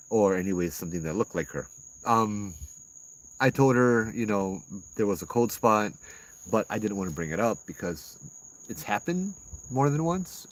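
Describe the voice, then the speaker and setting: A man's voice: low voice, rough recording. A man with a Hawaiian Pidgin accent, a ghost tour guide telling a ghost story in a laid-back, rambling way. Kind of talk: casual spoken ghost story.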